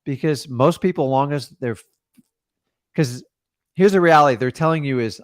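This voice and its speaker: A man coaching a caller in a casual, blunt way, acting out phone calls with quick changes of voice. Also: mid-range voice, no room sound, studio quality. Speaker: real estate investor coaching a caller.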